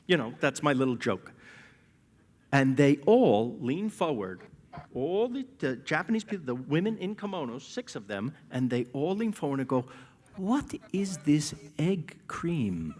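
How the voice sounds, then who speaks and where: Man guest, high voice with a big swooping range, tells stories with a laugh, self-mocking, live on stage. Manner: laughs often while telling stories, playful self-mockery. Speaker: guest at a live talk event. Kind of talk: animated anecdotal storytelling. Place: stage event in front of an audience.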